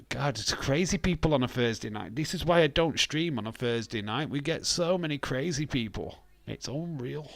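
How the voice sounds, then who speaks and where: A man's voice: mid-range voice, normal speed, creaky, few pauses, a bit bright. A man hosting a live stream, reading out the chat and trading laughing, sweary banter.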